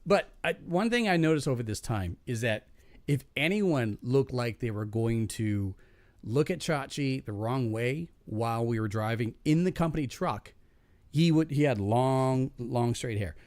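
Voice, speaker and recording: A man's voice: mid-range voice, measured pace, no room sound. A man hosting a podcast, telling a work story casually, swearing and acting out the people he quotes. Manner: animated, swearing, acts out quoted voices. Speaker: podcast host.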